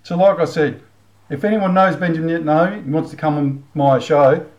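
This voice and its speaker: A man's voice: on the high side, brisk, a little mellow, highs cut off. A middle-aged Australian man hosting a commentary channel, ranting bluntly with casual swearing, then leading a prayer. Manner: blunt, heated, swears freely. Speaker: channel host.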